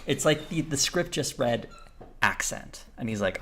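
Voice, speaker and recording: A man's voice: mid-range voice, lively intonation, a little slow, fairly bright tone. A man streaming live, chatting and reacting in a rambling, amused way.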